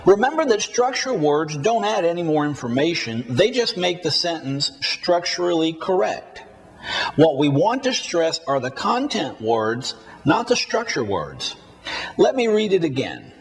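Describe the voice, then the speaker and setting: A man teaching a recorded spoken-English lesson, reading model sentences slowly and deliberately for learners to repeat. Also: a little high, sing-song.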